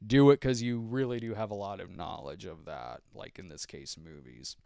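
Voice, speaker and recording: A middle-aged podcast host chats casually on a live stream, answering viewer questions while rambling, restarting sentences, using lots of fillers and chuckling. His low voice is warm, clear and resonant with some creak, and he speaks at a moderate pace.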